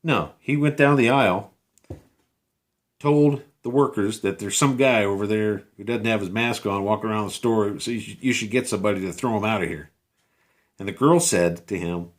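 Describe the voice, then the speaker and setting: Guy with a lowish voice telling a story outside, lots of uh and restarts, cant believe it. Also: normal speed. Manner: rambling, many fillers and restarts, incredulous. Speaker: vlogger telling a personal story. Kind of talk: casual storytelling to camera. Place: outdoors.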